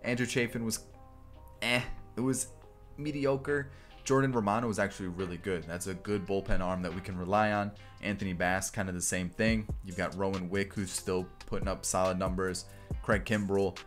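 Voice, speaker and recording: A young man with a somewhat low voice talks through a video game in a loose, chatty way, full of "like" and "um". Soft guitar music plays faintly underneath. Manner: relaxed and chatty, with fillers like "like" and "um". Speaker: gaming YouTuber. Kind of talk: casual video game commentary.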